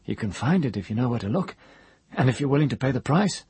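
A man voicing a broken former wizard, a maimed man who speaks in a soft, hoarse voice in halting, stammering bursts. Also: medium pitch, expressive, pitched above the performer's own voice. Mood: feverish.

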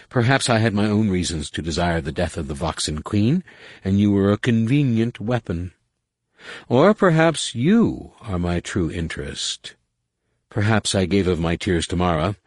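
A man voicing an enigmatic, mocking female alien in an audiobook, speaking slowly and cryptically. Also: low-pitched, slightly rough, dry recording, clean studio sound, heavily acted. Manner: slow, measured, cryptic. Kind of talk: audiobook narration.

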